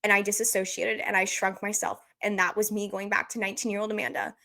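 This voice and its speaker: A woman's voice: mid-range voice, level tone, quick pace, hardly any pauses, sharp tone. Podcast host, woman in her twenties, earnest and open, heartfelt casual chat.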